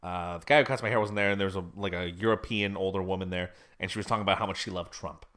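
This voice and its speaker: A man's voice: sits low, steady tone, very fast, fairly bright tone. A man co-hosting a podcast, telling a story in casual chat, rambling and often laughing. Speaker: podcast co-host.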